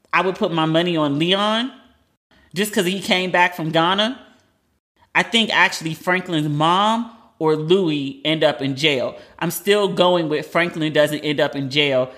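A woman hosting a podcast, giving a blunt, animated recap of a TV episode in casual chat and swearing freely. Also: deep voice. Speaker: podcast host.

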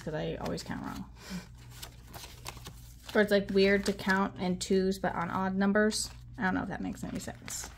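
Woman vlogger counting bills out loud, chatty, lots of ums, bit of faint noise in back. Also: mid-range voice, steady tone, moderate pace, vocal fry. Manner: chatty, counts money aloud, frequent ums. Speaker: budgeting vlogger. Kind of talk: casual chat while counting cash.

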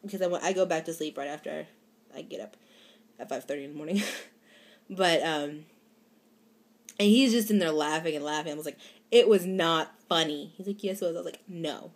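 A young woman with a light drawl talks casually to her camera, rambling and giggling, with plenty of fillers and restarts. Her voice sits a little low for a woman. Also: brisk, gravelly, long pauses. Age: young adult. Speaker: vlogger.

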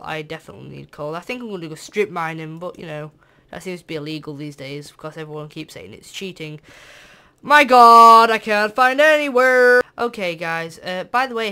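A teenager with a British accent chatters through a let's-play at an ordinary middle pitch. The delivery is jokey and excitable, drifting into sing-song bits and sudden loud yelps. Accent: British English. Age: teens. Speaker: gameplay channel host. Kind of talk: let's-play gameplay commentary.

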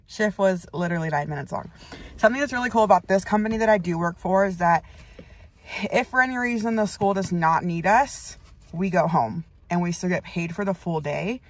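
A woman's voice: on the low side, normal speed. A young woman chatting to the camera in a casual vlog, full of "like" and "um". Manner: chatty, lots of "like" and "um" fillers. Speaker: vlogger, traveling medical assistant. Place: at home, then in a car.

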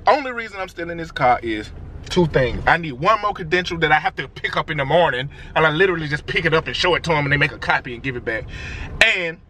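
A man, vlogging from his truck at a car lot, excited and rambling, swearing freely. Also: a little high, fast talker, slight background noise. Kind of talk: casual vlog talk to camera.

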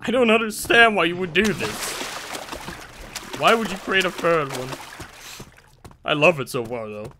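Excitable young man swearing through a horror game. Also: fairly high pitch, unhurried, long pauses, noisy background. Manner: excitable, swearing, jumpy reactions. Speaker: gameplay commentator. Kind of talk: horror game let's play commentary.

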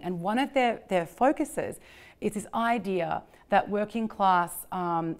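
A woman's voice: medium pitch, darkish tone. A woman giving an illustrated history lecture in a conversational way, with frequent fillers and repeated words. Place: lecture venue.

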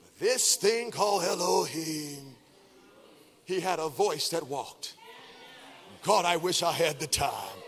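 High-pitched man preaching with chanted shouts. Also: animated, takes it slowly, long pauses, in a large hall. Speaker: pastor. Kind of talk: sermon.

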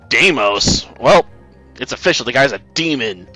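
A man's voice: medium pitch, animated, moderate pace, pushed and bright, faint music behind. A man hosting a let's play, making sarcastic, joking asides about the game's story. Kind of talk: casual game commentary.

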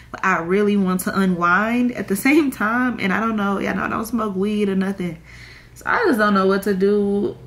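A woman's voice: medium pitch, creaky, fairly bright tone. Tearful young woman in a rambling vlog. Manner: tearful, rambling, many "like" fillers. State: crying. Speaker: vlogger. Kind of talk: emotional confessional vlog.

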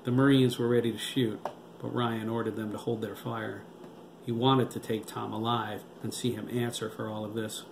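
A man narrating a novel aloud at a steady, even pace. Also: lowish voice, moderate pace, creaky. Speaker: audiobook narrator. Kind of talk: novel reading. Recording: roomy with background noise.

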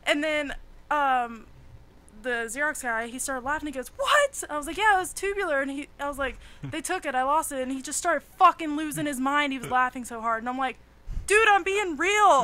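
A woman's voice: high voice, a little fast, sharp tone. A young adult woman guest on a podcast, telling stories bluntly in casual chat, swearing and laughing easily.

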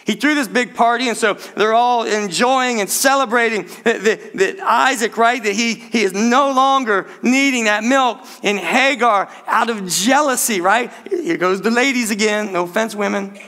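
Male pastor, middle-aged, high voice, bright tone, animated sermon storytelling. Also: moderate pace, few pauses. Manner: animated storytelling, addresses congregation as "church".

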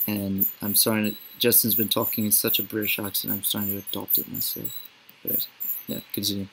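A teasing man keeps up a casual commentary while a friend plays, laughing often and giving directions. His voice sits a little low, and a faint hiss of noise runs under it. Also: little pitch movement, fairly quick, gravelly, a bit bright, poor audio. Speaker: co-host watching a game. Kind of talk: casual let's-play chat.

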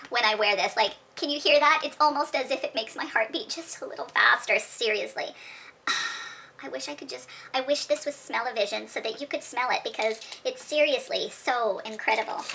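A woman's voice: high voice, fairly bright tone, slight background noise, voice pushed up. A woman voicing a gushing, over-the-top female perfume reviewer, dramatic and rambling with restarts.

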